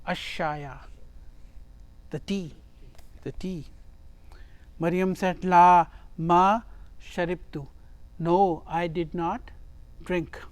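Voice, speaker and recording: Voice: mid-range voice, fairly even intonation, drawn-out words, pauses often, dry recording. A teacher giving a grammar lesson who reads each phrase, translates it and explains it step by step, often repeating words for emphasis.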